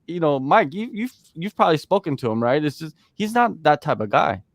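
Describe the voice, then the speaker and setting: A man hosting a casual sports talk chat, emphatic and animated, often tossing in "man". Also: fairly high pitch, brisk, no room sound, studio quality. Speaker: host.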